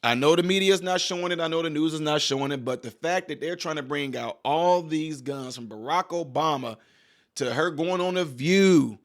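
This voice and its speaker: Casual, animated man hosting a commentary vlog. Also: a little high. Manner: casual, animated, talks straight to viewers. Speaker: channel host. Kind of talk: opinionated political commentary vlog.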